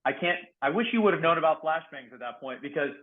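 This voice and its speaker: A man, a former SWAT negotiator, telling stories on a podcast in a lively, laughing way. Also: on the high side, quick pace. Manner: animated storyteller, laughs often, acts out quotes loudly. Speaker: guest, former SWAT negotiator and security professional. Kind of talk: casual podcast storytelling. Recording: phone-like narrow band audio.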